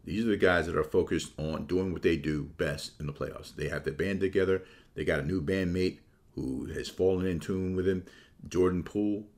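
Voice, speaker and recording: Deep-voiced man riffing on basketball. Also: moderate pace. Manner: casual, animated, jumps to high mocking voices for quotes. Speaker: sports commentator. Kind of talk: solo sports opinion monologue.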